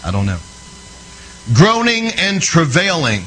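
A man's voice: fairly high pitch, huge pitch swings, unhurried, a bit bright, a little hiss or hum, rough recording. A man preaching a sermon in a conversational, storytelling way, often checking in with his listeners, earnest and emphatic.

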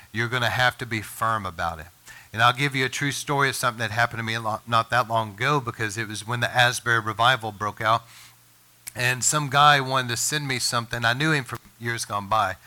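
A pastor delivering a sermon in an intense, bright and forceful voice of ordinary male pitch. He talks with the earnest urgency of a warning, his voice leaping up and growing louder at his strongest points. It is a man's voice, pressing and insistent throughout. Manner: impassioned preaching, rises in pitch and volume when emphatic.

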